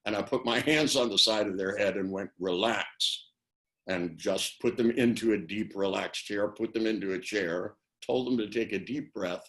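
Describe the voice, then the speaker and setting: A man's voice: lowish voice, normal speed, hardly any pauses, fairly bright tone. An older man on a video call, talking casually and rambling through anecdotes, acting out the phrases he quotes. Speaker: interviewee, NLP trainer. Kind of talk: casual webinar talk.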